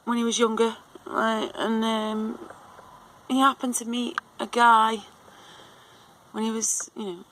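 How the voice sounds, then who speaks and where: A woman's voice: a little high, flat delivery, takes it slowly, fairly bright tone, a little hiss or hum, low-quality recording. A woman in her thirties telling a long story in a rambling, casual way, full of fillers and restarts. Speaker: vlogger.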